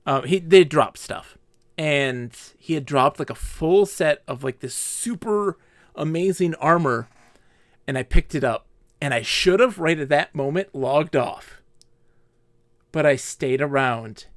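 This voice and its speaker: A man's voice: fairly high pitch, unhurried, dry recording. Chatty male game streamer, dry mic. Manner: animated storytelling, acts out quoted players. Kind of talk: casual live-stream chat while gaming.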